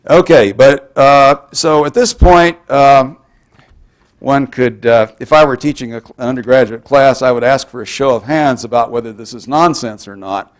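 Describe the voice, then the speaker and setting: A man from Texas giving a public university lecture in a measured, wry, explanatory way. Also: medium pitch.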